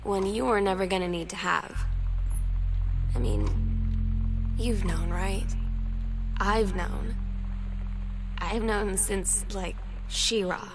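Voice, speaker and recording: A woman's voice: medium pitch, expressive, slow, pauses often. A woman voicing a candid teenage girl who reads her journal aloud in a confiding, wry, conversational way, as game narration. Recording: game audio with music underneath.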